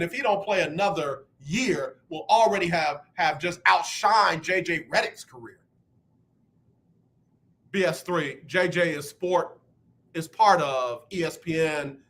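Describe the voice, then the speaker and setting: Radio host, man in his sixties, high bright voice, emphatic and heated sports talk. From United States. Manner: emphatic, repeats words when fired up.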